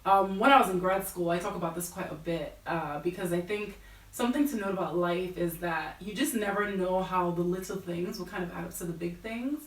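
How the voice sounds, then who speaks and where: A woman's voice: on the low side, a little fast. A woman in her thirties with an American accent, a guest telling her career story in a casual, chatty way full of fillers. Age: 30s. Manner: chatty, many fillers like "like" and "you know". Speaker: guest fashion buyer. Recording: roomy and distant.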